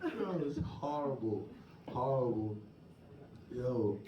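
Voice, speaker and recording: Man, stand-up comic, crude storytelling, lively slow delivery, distant mic, noisy roomy club. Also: medium pitch, muffled recording. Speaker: stand-up comedian. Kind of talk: stand-up comedy set. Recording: echoey club heard from far.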